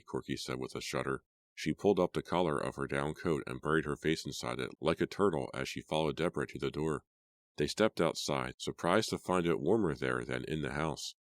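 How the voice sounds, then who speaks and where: Male audiobook narrator, extremely deep voice, steady reading, dry close sound. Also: fairly quick, no room sound. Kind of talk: scripted narration.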